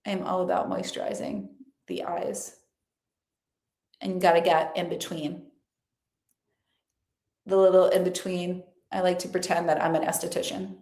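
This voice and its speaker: A woman's voice: lowish voice, little pitch movement, unhurried, pauses often, dark tone, echoey room. A woman giving an earnest, chatty motivational talk to camera, full of fillers, sometimes dropping to a near whisper. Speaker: lifestyle and faith vlogger.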